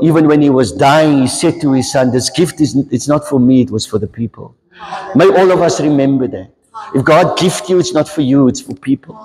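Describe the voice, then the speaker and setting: A man preaching a storytelling sermon, animated and repeating his key lines for emphasis. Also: a little high. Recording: long hall reverb.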